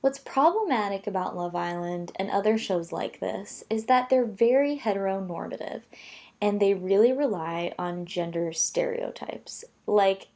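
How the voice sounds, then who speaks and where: A young woman from the United States chatting casually to camera, self-deprecating and full of quick asides. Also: medium pitch, a little mellow. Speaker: vlogger.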